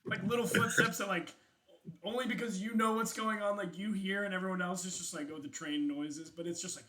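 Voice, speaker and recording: A man's voice: sits high, steady tone, brisk, crowd noise. A man narrating as game master of a tabletop game, chatty, with many fillers and laughs.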